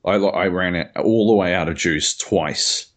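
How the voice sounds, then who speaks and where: A man's voice: deep voice, normal speed, fairly bright tone. A young man co-hosting a podcast, rambling through casual stories, swearing freely and laughing often. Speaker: podcast co-host. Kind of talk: casual chat.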